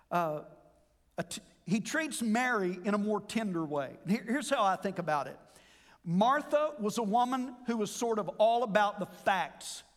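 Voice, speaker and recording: A man preaching a sermon as pastor, earnest and expository, drawing out words for emphasis. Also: high-pitched. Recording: long hall reverb.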